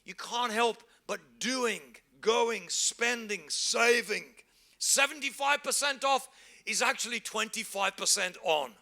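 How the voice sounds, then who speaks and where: A middle-aged man, preaching a humorous sermon that acts out everyday scenes and bursts into shouts for emphasis. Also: very high voice, slow, creaky. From England. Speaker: pastor.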